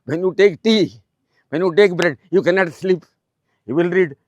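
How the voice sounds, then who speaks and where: An Odia-accented man from Odisha, India, in his eighties and a retired principal, delivers a fatherly, repetitive motivational speech to students. He pauses often with "um," and his voice is high-pitched, with the highs cut off.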